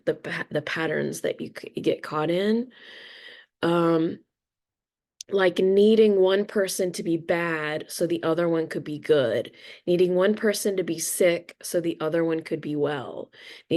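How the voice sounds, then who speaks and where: Middle-aged woman, low flat gravelly voice, slow, candid and rambling, casual swearing. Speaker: spiritual reader sharing experience. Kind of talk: casual reflective talk.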